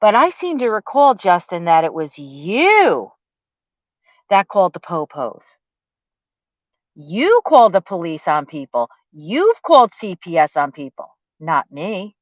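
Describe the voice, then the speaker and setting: Her voice is on the low side, swinging widely in pitch, and she speaks a little slowly. As a vlogger, she directs a confrontational, cursing, mocking rant right at her target on camera, recorded in dull, dry lo-fi with no room sound.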